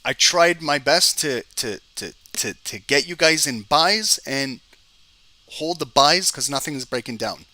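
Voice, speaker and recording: A man's voice: on the high side, lively intonation, measured pace, bright, forceful tone, no echo. A man giving live screen-share trading commentary, talking straight to his viewers, exasperated, often repeating words as he explains. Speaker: trading educator.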